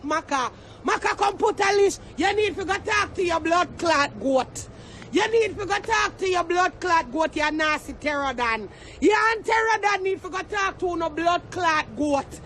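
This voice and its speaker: A man with a Jamaican accent ranting and taunting to the camera, shouting and cursing in a heated vlog. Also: very high voice, expressive, normal speed, slight background noise. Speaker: social media personality.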